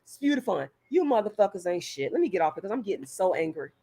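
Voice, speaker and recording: A woman's voice: medium pitch, very animated, fast, mellow, breathy edge. A woman vlogger delivering a heated, profane rant straight to her viewers, stumbling over repeated words as she pushes her point. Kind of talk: direct-to-camera rant.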